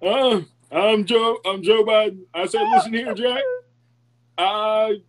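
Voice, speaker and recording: A man's voice: high voice, big pitch swings, slow pace, vocal fry, a crowd in the background, exaggerated voice. A man putting on the stammering, folksy voice of an elderly male politician who keeps repeating himself.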